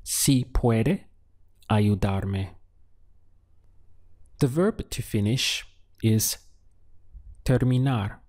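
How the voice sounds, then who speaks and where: A man teaching a language lesson, calmly prompting the listener and pausing for their answers. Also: on the low side. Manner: slow, patient prompting with pauses for answers. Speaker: Spanish teacher.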